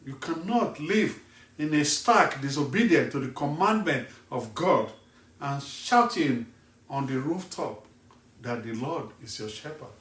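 A male evangelist from Nigeria preaching a sermon slowly and emphatically, asking the listener pointed questions. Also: a little high, lively intonation, a bit bright, far from the mic. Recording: echoey room, voice set back from the mic.

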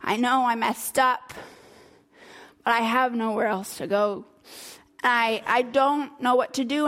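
A woman playing a frightened young man, his voice dropping low and quiet as he pleads and rehearses what to say. He sounds desperate and anxious, with his words tumbling out nervously.

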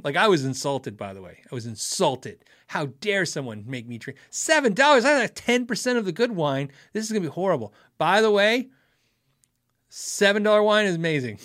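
A man's voice: high voice, very animated, brisk, a bit bright, no room sound, studio quality. A middle-aged man hosting a casual livestream, rambling through a story with self-corrections and chuckles, then answering chat. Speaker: livestream host reading chat.

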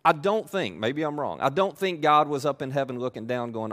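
A man's voice: medium pitch, animated, a little fast, hardly any pauses, fairly bright tone. A man preaching a sermon with emphatic repetition and playful asides. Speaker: pastor.

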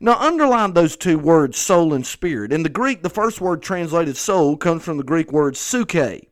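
A pastor delivering a conversational sermon, earnest and repeating phrases for emphasis. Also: male voice, a little high, sing-song, normal speed.

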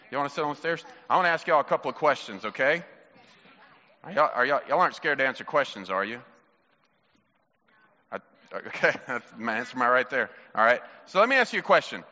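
A man pastor quizzes children playfully during a children's sermon, his mid-range voice expressive, quick, and sharp. The sound, captured in a church sanctuary, is muffled and trails off in long reverb.

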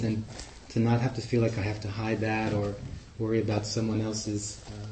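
A man with a New York accent, giving a relaxed, chatty talk to a group as guest speaker. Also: on the low side, moderate pace, a crowd in the background. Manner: relaxed, chatty, warm humor. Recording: echoey room.

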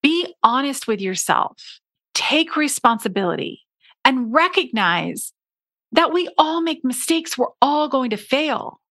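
Earnest woman in her 40s, coaching her listeners, bit high pitched, dry sound. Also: big pitch swings, unhurried, pushed and bright, dry recording. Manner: earnest, coaching, acts out her own past complaints. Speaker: podcast host, business coach. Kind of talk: solo podcast talk.

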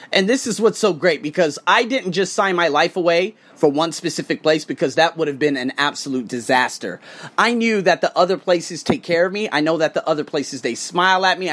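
Guy on a profane rant to his viewers, voice leaping up and dropping way down, loud bursts then low mutters. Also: animated, fairly quick. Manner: heated, profane, swinging between loud outbursts and low muttered asides. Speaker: English teacher and podcaster. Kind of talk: casual ranting monologue to viewers.

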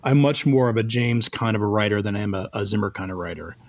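Husky low-voiced canadian-raised composer guy, middle-aged, chatty, acts out the dialogue in his stories. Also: fast talker. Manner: animated, acts out quoted dialogue. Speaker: film composer guest. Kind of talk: casual interview storytelling.

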